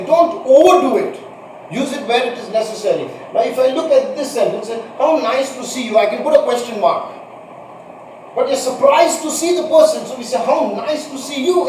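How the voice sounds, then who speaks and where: A man with a very high voice teaches grammar, patiently going over each point and working through examples. He stands away from the mic in a strongly echoing room with a board. A faint hiss sits under his voice. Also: darkish tone, recorded from a distance. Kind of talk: recorded grammar lesson.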